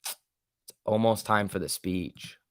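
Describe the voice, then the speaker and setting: A young man hosting a casual stock trading livestream, joking and reading chat aloud, his voice swinging between loud and soft. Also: lowish voice, slow pace, no room sound, studio quality.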